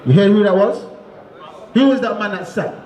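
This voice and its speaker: High-pitched shouting street preacher man. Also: moderate pace. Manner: shouting, calls on the crowd to answer; repeats "you understand?". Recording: echoey, crowd noise behind.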